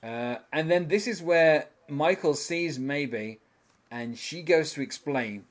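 A man with a slow, somewhat high voice hosts a casual podcast chat. He rambles through an episode recap, filling it with fillers and chuckling often.

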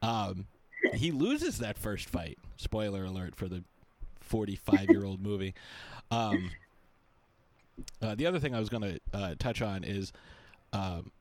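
Rambling, easygoing man with a lower voice. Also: expressive, measured pace, pauses often, a little mellow. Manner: rambling, many fillers, jokey asides. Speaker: podcast host. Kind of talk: casual podcast chat.

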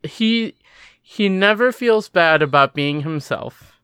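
A man's voice: fairly high pitch, animated, slow pace, bright, forceful tone, smooth, no room sound, studio quality. A man co-hosting a casual film podcast, enthusiastic and easily moved, laughing often. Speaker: podcast co-host. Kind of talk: casual chat about a film.

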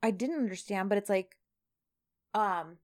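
A woman's voice: medium pitch, a little slow, a little mellow. A woman in casual chat, recapping a TV series in a conversational way and referring back to notes she wrote.

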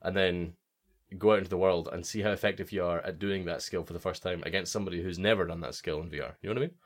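A man's voice: deep voice, steady tone, quick pace. A man hosting a casual podcast chat, laughing often and rambling with restarts. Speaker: podcast host.

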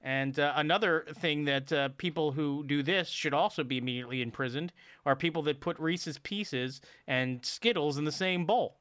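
A man's voice: a little high, normal speed, a bit bright, no room sound, studio quality. A man chatting casually, telling rambling stories with mock outrage. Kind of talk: casual chat.

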